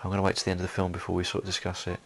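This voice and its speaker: A man's voice: low voice, monotone, very fast. A man giving a solo film commentary, rambling with many fillers and restarts.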